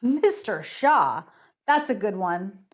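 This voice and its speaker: A woman's voice: medium pitch, big pitch swings, takes it slowly. A woman voicing a brusque, sardonic male cowboy in a read-aloud story. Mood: curt. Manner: curt, sardonic.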